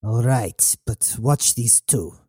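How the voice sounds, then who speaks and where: Man voicing a gruff wounded woman officer. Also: on the low side, a little slow, mellow, dry recording, clean studio sound. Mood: stern. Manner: gruff, commanding.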